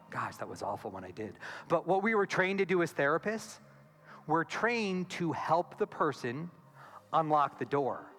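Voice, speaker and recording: A man giving a conference keynote as a therapist, animated and acting out quoted voices, on a stage mic in a large hall. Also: fairly high pitch. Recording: long hall reverb with faint music.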